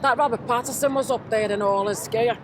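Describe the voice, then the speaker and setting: A woman's voice: a little high, brisk, natural voice. A woman playing a chatty, rambling Liverpool woman with a shopping trolley, who keeps butting in with her own stories during a comedy sketch on a city street. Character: gossipy Scouse woman pushing a shopping trolley. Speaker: comic presenter. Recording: outdoor street with traffic noise.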